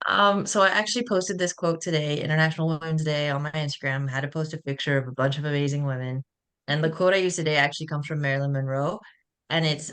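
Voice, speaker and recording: A woman's voice: low-pitched, fairly even intonation, fast, a bit bright, smooth. A young woman and new mother, a former athlete, talking candidly and casually as a guest in a video-call webinar. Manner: candid, chatty, self-deprecating.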